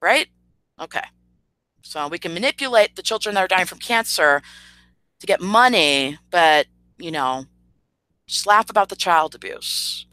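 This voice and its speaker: A woman's voice: lowish voice, animated, a little slow, pauses often, bright, forceful tone, dry recording, rough recording. Sarcastic woman ranting on a livestream. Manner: sarcastic and indignant, with frequent fillers. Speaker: channel host. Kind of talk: livestream commentary rant.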